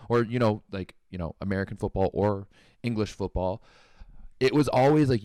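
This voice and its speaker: A young man hosts a podcast in a loose, rambling way, full of "like" and "you know". His voice sits low and the sound is dry and close. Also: dry recording. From Canada. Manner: rambling, filler-heavy, animated. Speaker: podcast host. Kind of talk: casual podcast chat.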